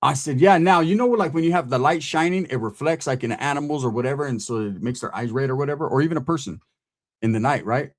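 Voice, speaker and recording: A man casually telling a scary camping story, animated and profane, full of street slang and a constant "right?". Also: mid-range voice, fast talker. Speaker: podcast host telling a story.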